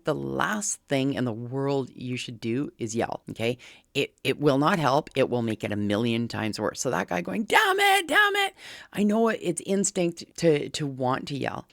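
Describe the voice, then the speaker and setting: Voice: mid-range voice, creaky, no room sound, studio quality. A dog behavior commentator reacting to a video clip, speaking earnestly and pleading with viewers, repeating key points with frequent restarts. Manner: frequent restarts and verbal fillers.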